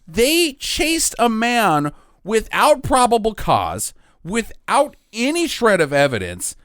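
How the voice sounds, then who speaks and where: A man's voice: high-pitched, slow pace, no echo, clean studio sound. A man co-hosting a podcast, sarcastically recapping a bad movie in casual chat. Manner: sarcastic, animated recapping with mock villain lines. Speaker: podcast co-host.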